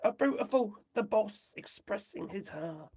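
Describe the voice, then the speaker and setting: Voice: medium pitch, lively intonation, unhurried, a little mellow, husky. A host chatting loosely on a livestream, rambling, giggling and muttering while reading off a phone. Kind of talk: casual livestream chat reacting to viewers.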